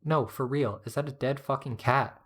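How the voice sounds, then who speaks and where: A man's voice: mid-range voice, moderate pace, a bit bright, slightly rough. A man voicing a nervous, cautious teenage boy in a story reading, anxious and grumbling. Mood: alarmed.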